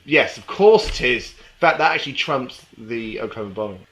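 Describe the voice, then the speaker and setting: Lively, jokey male podcast co-host. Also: medium pitch, fairly quick. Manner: jokey, rambling, laughs often. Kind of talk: casual chat.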